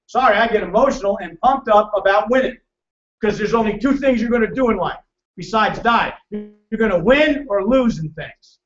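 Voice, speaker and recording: A man presenting a financial seminar to a live audience, loud, emphatic and hectoring as he teases the crowd. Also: sits high, animated, moderate pace. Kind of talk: motivational seminar lecture. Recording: echoey, distant, dull room recording.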